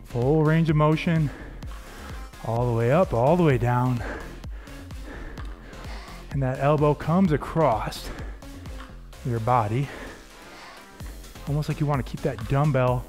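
Over faint background music, a man coaches a workout, counting reps and giving form cues in an upbeat, encouraging way. He speaks slowly in a mid-range, darkish voice, pausing often.

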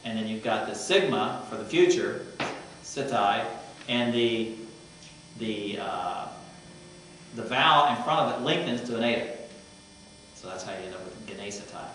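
A male professor talks through Greek grammar in a relaxed, explanatory classroom manner. He is heard from a distance in a very echoey room, with a faint hum underneath. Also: lowish voice, normal speed, long pauses. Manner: explanatory, parses Greek forms aloud, conversational asides. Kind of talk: classroom lecture.

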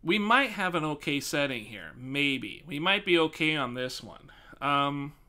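A man streaming live, thinking aloud and swearing casually as he tests his desk microphone, often projecting near a yell. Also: a little high, lively intonation, unhurried. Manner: projects loudly, near yelling into the mic. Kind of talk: live stream mic test, casual chat.

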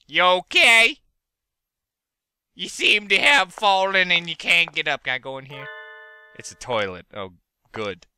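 A man's voice: fairly high pitch, normal speed, clear, resonant tone, soft background music. A man giving let's play commentary, talking to himself and the characters on screen, and yelping and cursing when things go wrong. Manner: excitable, yelping and cursing at the game. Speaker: gaming video host.

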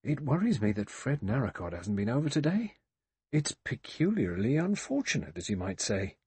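Guy doing a nervous, proper butler, husky, dry close sound. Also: lowish voice, very animated, a little fast, mellow, dry recording, full character voice. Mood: worried. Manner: deferential and worried. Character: anxious, formal male butler.

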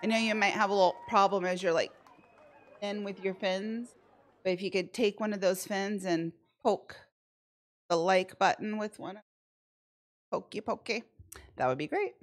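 A woman's voice: medium pitch, fairly even intonation, normal speed. A woman hosting a casual live slot stream from home, playfully chatting and greeting viewers by name. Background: faint slot game music.

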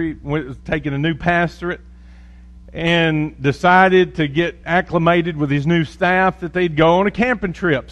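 A man with a fairly high voice preaches as a pastor. He reads scripture, prays and tells stories in a folksy, joking way. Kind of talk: sermon with scripture reading and prayer.

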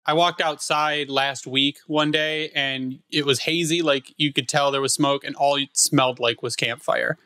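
A man's voice: mid-range voice, fairly even intonation, normal speed, hardly any pauses, pushed and bright, no room sound. A man hosting a hockey podcast, opening the show and leading a casual chat with friends. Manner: upbeat, leads the conversation. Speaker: podcast host.

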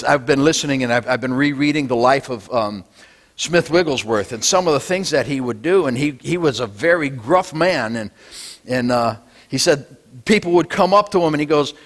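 A male pastor preaching a Sunday sermon, swinging between loud declarations and low, quiet lines. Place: church sanctuary.

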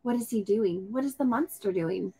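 A woman's voice: mid-range voice, normal speed, warm tone, slightly rough. A woman reading a picture book aloud to a young child, coaxing him with questions and breaking into gasps and exclamations. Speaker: storytime host.

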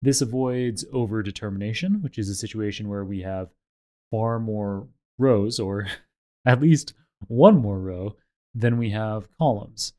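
A man teaching a tutorial, explaining step by step in a measured way over slides and a code demo. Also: lowish voice, warm tone. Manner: measured, explanatory, with occasional fillers. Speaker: instructor.

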